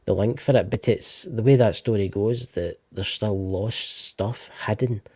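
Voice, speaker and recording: A man's voice: on the low side, unhurried, warm tone, breathy edge, dry recording. A Scottish man co-hosting a casual live stream about ghost lore, chatty and often restarting his words. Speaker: co-host. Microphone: remote live-stream call.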